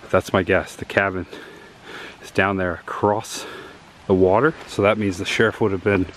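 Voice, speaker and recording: A man's voice: sits low, fairly even intonation, moderate pace, a little hiss or hum. A man narrating a casual walk-and-talk vlog outdoors in the woods, pointing things out as he goes, filmed on a handheld camera. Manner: enthusiastic, pointing things out as he walks. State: out of breath. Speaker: vlogger touring filming locations.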